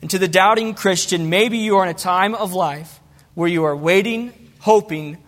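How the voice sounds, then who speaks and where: A man's voice: high voice, normal speed, fairly bright tone. A young adult man preaching a heartfelt, earnest sermon as a guest preacher in a church. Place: church sanctuary. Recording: long reverb of a church hall.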